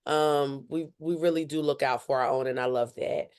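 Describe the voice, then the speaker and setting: A young woman, a student journalist, telling her story as a podcast guest in an animated way and acting out what others said. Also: rumbling low, normal speed, clear, resonant tone. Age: young adult. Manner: animated, acts out other people's lines. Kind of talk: casual interview storytelling.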